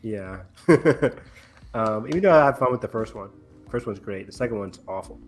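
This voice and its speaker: This co-host's voice is lowish and animated as he casually talks film news on the podcast. He meanders, stumbling through lots of ums and restarting his sentences.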